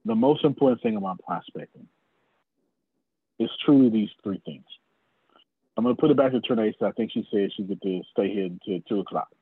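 A man's voice: lowish voice, a little fast, long pauses, breathy edge, dry recording. A man, teaching sales like a fiery preacher, calling out listeners by name and swearing freely. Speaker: sales trainer. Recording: tinny phone-like video call audio.

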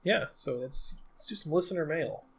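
A man's voice: on the high side, expressive, moderate pace, vocal fry, over loud music. A man co-hosting a podcast, chatting casually about a film, laughing often and restarting his sentences. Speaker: podcast co-host. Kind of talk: casual film review chat.

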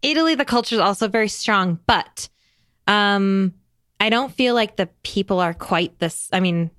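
A woman hosting a podcast in casual conversation, chatty and animated, with lots of fillers and frequent laughs. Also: mid-range voice, moderate pace, dry recording. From United States. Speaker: podcast host.

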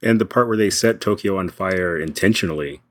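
Male co-host, very deep voice, measured and reflective. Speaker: podcast co-host. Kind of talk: casual chat about comics.

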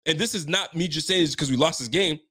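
Quick and pushed, his voice high-leaning, bright, and husky, a male sports podcast host from Ontario, Canada, tears into a postgame rant. The venting is heated and fired-up, full of cursing.

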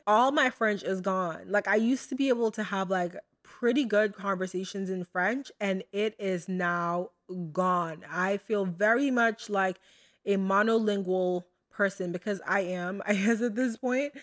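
A woman's voice: medium pitch, measured pace, a bit bright. A young American woman hosting her own podcast, talking casually and chattily to her listeners with lots of fillers and asides. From United States. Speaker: podcast host. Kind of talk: casual solo podcast talk.

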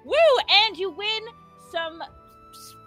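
A woman with a high, bright voice co-hosts a live tabletop game stream. She talks in a chatty, giggly way over faint music. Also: takes it slowly. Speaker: co-host and player.

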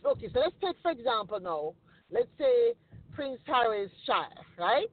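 A speaker from Jamaica with a Jamaican accent, telling stories in an animated way with frequent restarts. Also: mid-range voice, normal speed. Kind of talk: casual podcast conversation. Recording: tinny phone-line recording, dry.

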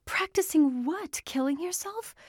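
A woman narrator voicing an anxious young house cleaner who talks high and breathlessly. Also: animated, fast, mellow, no echo, clean studio sound. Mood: alarmed.

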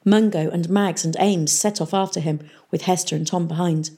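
A woman narrating an audiobook in a steady storytelling manner. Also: on the low side, normal speed, husky. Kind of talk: audiobook reading.

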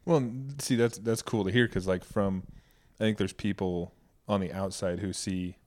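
Low-voiced man, candid podcast chat. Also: steady tone, moderate pace, a little mellow. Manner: earnest and candid, swears freely. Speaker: podcast co-host. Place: Boise, Idaho.

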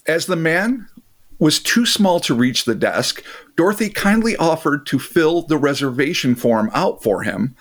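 A podcast host with a fairly high voice speaks unhurriedly, mixing casual chat with reading a story aloud. He's animated, laughs, and swears freely.

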